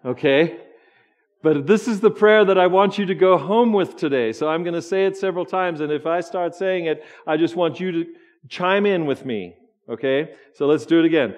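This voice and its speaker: A male pastor delivers a sermon to his congregation in a church sanctuary. His voice sits a little high for a man, and his delivery is loose and conversational, full of stammered restarts and teasing asides. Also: moderate pace, a little mellow, highs cut off.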